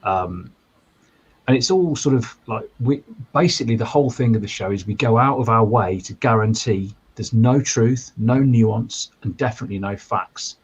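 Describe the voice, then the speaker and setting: A man's voice: medium pitch, moderate pace, breathy edge, muffled recording. A self-deprecating man, a podcast guest in casual chat. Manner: self-deprecating, laid-back.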